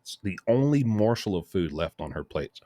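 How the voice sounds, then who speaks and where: A man's voice: low-pitched, moderate pace, no echo, clean studio sound. A man hosting a casual show, telling a long, rambling story with many asides. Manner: rambling, lively anecdote full of asides. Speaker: host.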